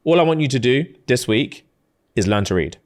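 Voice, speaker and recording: A man's voice: mid-range voice, lively intonation, brisk, lightly acted. A man voicing a smug, teasing male fae lord in a casual, offhand retelling.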